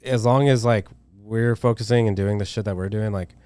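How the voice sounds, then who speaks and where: A man's voice: lowish voice, fairly even intonation, brisk, a little mellow, no room sound, clean studio sound. A young man, a tattoo artist, chatting loosely on a podcast with lots of slang, swearing and filler words. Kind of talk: casual podcast chat.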